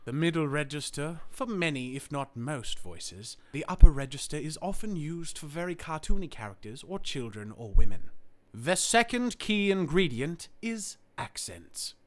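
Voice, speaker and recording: A man from Australia explaining voice acting in a formal, deliberate scripted tutorial. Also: fairly high pitch, very animated.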